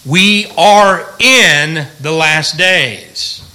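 A man's voice: on the high side, extremely slow, pushed and bright, low-quality recording. A middle-aged man, a pastor, teaching the Bible in a folksy, joking way and asking the room questions.

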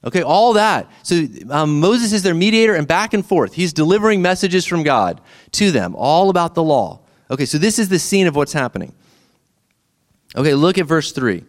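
A man's voice: fairly high pitch, sing-song, normal speed. A middle-aged man, preaching a sermon in a conversational way and asking the listeners questions. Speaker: pastor.

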